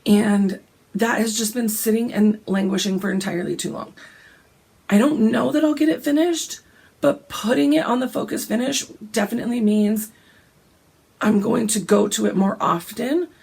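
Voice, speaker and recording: A woman, hoarse and gravelly from a cold, chatting casually about her cross-stitch plans and often clearing her throat. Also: fairly even intonation, moderate pace, darkish tone. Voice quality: gravelly, deep. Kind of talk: casual chat.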